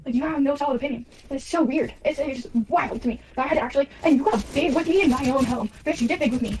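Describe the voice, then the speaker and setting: A high-pitched woman rattles through an angry, repetitive rant, confronting someone over a phone line. A clear hiss of background noise runs under the whole recording. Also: quick pace, a little mellow. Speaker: caller in a recorded call.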